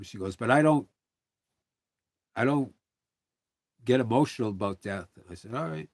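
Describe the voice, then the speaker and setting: A man's voice: mid-range voice, expressive, normal speed, pauses often, no echo. A middle-aged man chatting casually on a livestream, telling rambling stories full of quoted dialogue.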